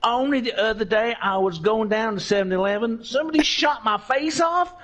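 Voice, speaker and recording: A man's voice: high-pitched, fairly quick, a bit bright, pitched above the performer's own voice. Brash man from the American South, a man doing an overdone drawl, lo-fi sound. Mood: mock bravado. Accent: put-on American Southern. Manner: exaggerated, mock-tough storytelling.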